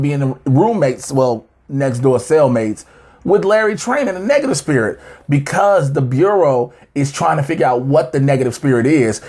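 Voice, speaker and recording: Man, slightly high voice, lively swings in pitch, casual review banter, acts out characters, laughs a lot. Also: slightly rough. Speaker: co-host of a TV review show. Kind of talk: casual banter recapping an episode.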